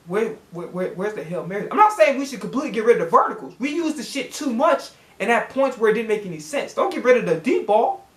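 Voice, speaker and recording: A man's voice: extremely high pitch, a bit bright, echoey room. A man hosting a sports reaction channel, ranting as a fan with heavy cursing and words repeated when he gets worked up. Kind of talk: profane fan rant.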